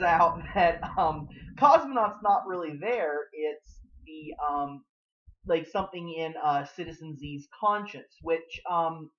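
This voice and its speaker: A man's voice: fairly high pitch, a bit bright, dull audio. A man giving a casual spoken review of a TV episode. He rambles and leans hard on fillers like "you know" and "like". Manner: acts out characters' lines in quick bursts.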